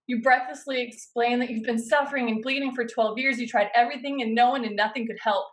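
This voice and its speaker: A woman pastor preaching a sermon, guiding her listeners through a scene in the second person with slow, dramatic pauses. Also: a little high, steady tone, poor audio. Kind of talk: sermon with guided imaginative narration.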